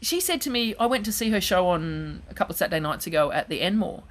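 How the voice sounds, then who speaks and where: A woman, a guest comedian telling animated stories in casual chat on a radio show. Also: lowish voice, fast. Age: 40s. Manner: animated, chatty anecdote telling. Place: radio studio.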